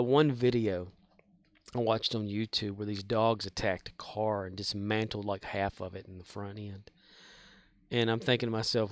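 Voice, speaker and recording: Folksy rambling man chatting while gaming. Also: medium pitch. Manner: meandering storyteller with frequent fillers and restarts; mild profanity, folksy. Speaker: game streamer.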